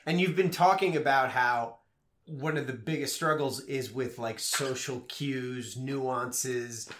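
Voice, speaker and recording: A man's voice: mid-range voice, slow pace, a bit bright, slight background noise. A man co-hosting a podcast in casual chat, supportive, asking probing questions.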